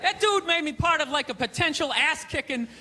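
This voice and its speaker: A stand-up comedian with a strikingly high voice rants fairly quickly through his set on a theater stage, often bursting into shouts. His delivery is loud and mocking, and the live recording carries a constant wash of noise from the crowd laughing and reacting around him.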